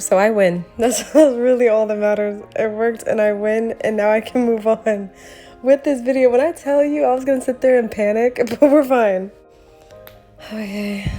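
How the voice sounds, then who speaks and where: A woman narrating her drawing process in a casual vlog, animated and laughing often. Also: mid-range voice. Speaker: art vlogger.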